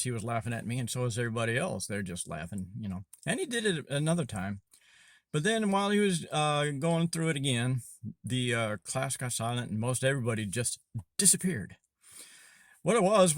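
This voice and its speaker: A man's voice: mid-range voice, fairly bright tone, no echo, clean studio sound. A man from Arkansas, an Army veteran, telling a story casually and rambling, with many fillers and self-corrections.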